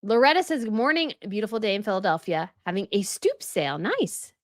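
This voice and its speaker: A woman's voice: medium pitch, sing-song, a little fast, no room sound, studio quality. A young woman hosting a casual livestream, reading viewer comments aloud and reacting to each one in a chatty way. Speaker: royal news livestream host. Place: home setup.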